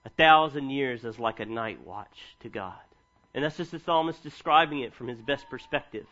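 A man in his thirties, a pastor, preaches a sermon, reading scripture and telling funny family-life stories with animated humor. His voice is medium-pitched at a normal speed, and the recording sounds muffled.

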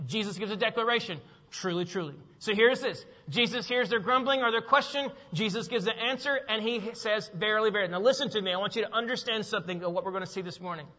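A man preaching with a high, bright voice, emphatic and full of questions to his listeners. His words carry a long reverb in a large hall, and the sound is slightly dull. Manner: emphatic, repeats key phrases, asks the congregation questions. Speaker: pastor. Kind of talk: sermon.

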